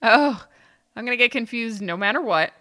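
A woman's voice: on the high side, animated, normal speed, sharp tone, no room sound, clean studio sound. A woman co-hosting a casual podcast as a quiz contestant, giggling often and thinking aloud. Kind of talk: casual chat.

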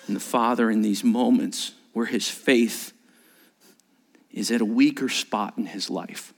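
A man preaching as pastor at a church service. His delivery is animated, swinging between emphatic points and hushed, whispered asides. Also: on the low side, unhurried, creaky. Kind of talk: sermon.

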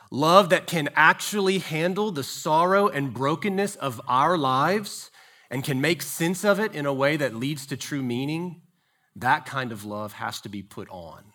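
Guy preaching a sermon in church, jokes around, bright voice a bit on the high side. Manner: playful, jokey, engages the congregation. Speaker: pastor.

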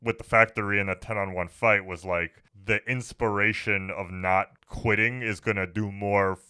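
A young man talks through a film in a loose, animated way. His voice is bright and smooth, with a slightly low pitch. The sound is dry and close. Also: moderate pace, no room sound. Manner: animated, swears, acts out quotes in funny voices. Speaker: podcast co-host. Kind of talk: casual movie review chat.

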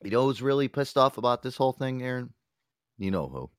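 A man's voice: mid-range voice, very animated, a little fast, clean tone, dry recording, studio quality. A man hosting a podcast, chatting casually in a rambling, profane way with many fillers. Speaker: podcast host. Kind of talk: casual chat.

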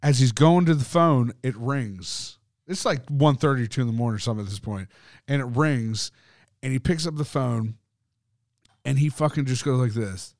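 A man co-hosting a podcast in casual conversation, swearing freely as he rambles through a story with plenty of fillers. His voice sits at an ordinary middle pitch. The sound is dry, with no room echo. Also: moderate pace, darkish tone. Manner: profane, rambling, lots of fillers. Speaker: podcast co-host.

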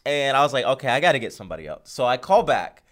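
A man's voice: medium pitch, very animated, quick pace, fairly bright tone. A man hosting a podcast, telling a story in casual chat and acting out phone calls, laughing often. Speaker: podcast host.

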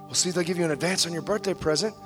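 A preacher putting on a patient young mother, speaking softly and reassuringly in a quiet, hushed voice. Faint music sits underneath. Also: fairly high pitch, very animated, brisk. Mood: gentle. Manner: soft, reassuring.

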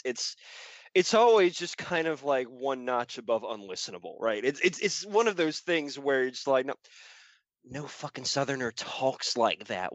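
A man's voice: medium pitch, no room sound. Man, podcast co-host, rambling and self-interrupting, dry and slightly dull sound. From American South. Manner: rambling, self-interrupting, laughs while talking. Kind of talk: casual podcast chat.

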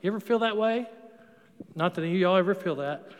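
High-voiced middle-aged man preaching in a hall. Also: fast. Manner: conversational, storytelling, with emphatic punches. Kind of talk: sermon. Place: church sanctuary. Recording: long reverb of a large hall.

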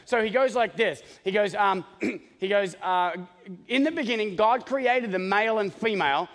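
A man preaching a sermon as pastor, joking and animated, often checking in with the congregation with "okay?". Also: sits high, normal speed, long reverb tail. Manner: joking, animated, talks straight to the congregation with many "okay?" asides.

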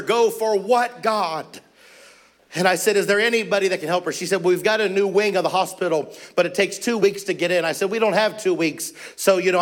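A male missionary preacher telling a testimony from the pulpit. His voice sits a little higher than most men's, and he pushes into urgent, rising exclamations as the story builds. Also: fairly bright tone. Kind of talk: storytelling sermon.

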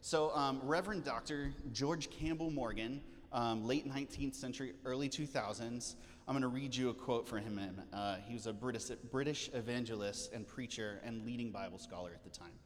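A man's voice: mid-range voice, moderate pace. A male pastor giving a casual, joking sermon from a church stage, full of fillers and asides. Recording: church hall reverb, faint noise.

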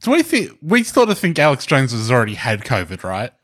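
A man co-hosting a podcast, throwing in quick jokes during casual comedic chat. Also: mid-range voice, wildly swooping pitch. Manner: quick quips, laughing. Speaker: podcast co-host.

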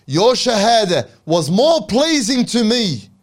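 A man voicing a fierce, zealous male warrior companion who speaks with forceful, indignant intensity. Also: sits high, very animated, takes it slowly, pitched above the performer's own voice, full character voice.

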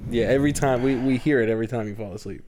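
A man's voice: mid-range voice, very fast, a little mellow, a little hiss or hum. A man hosting a casual podcast with friends, loose and joking, laughing often. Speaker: podcast host. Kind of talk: casual chat.

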